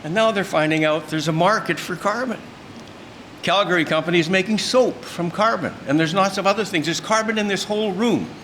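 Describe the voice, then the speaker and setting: A man's voice: high-pitched, fairly quick, fairly bright tone, slight background noise. Older male speaker, folksy and emphatic, talking to an event room. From Canada. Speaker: speaker at a luncheon. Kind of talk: informal speech.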